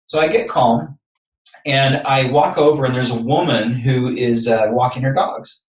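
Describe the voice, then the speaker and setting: Podcast guest, earnest man from texas, mid-pitch voice, sits back from the mic. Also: measured pace, recorded from a distance. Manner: earnest, building up anecdotes step by step. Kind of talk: personal storytelling. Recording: echoey room, voice off-mic.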